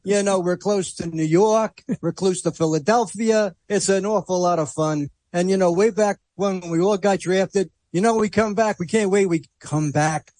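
A man's voice: sits high, moderate pace, hardly any pauses, a little mellow, dry recording, poor audio. Older New Jersey man, earnest guest. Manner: earnest, rambling storytelling with repeated "you know". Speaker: veterans' representative, guest.

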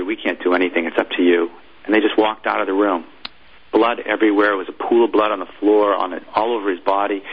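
A former military chaplain, a man, telling a personal story in an interview, halting and repeating words as he goes. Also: fairly low pitch, breathy edge, lo-fi sound.

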